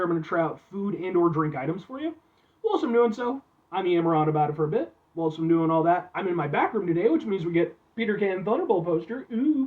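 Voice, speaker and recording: A man from Illinois reviewing frozen food from a chair in his back room, talking to his viewers in an excitable, chatty way. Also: high voice, highs cut off. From Illinois, USA. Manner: excitable, chatty, keeps addressing viewers as folks. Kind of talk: casual food review vlog. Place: back room at home, seated.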